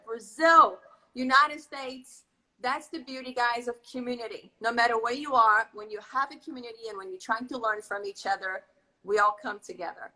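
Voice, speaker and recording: Woman, high voice, bright and sharp, effusive live-stream host, video call. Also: rough recording. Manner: effusive, reads out viewer comments. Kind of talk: casual live-stream chat.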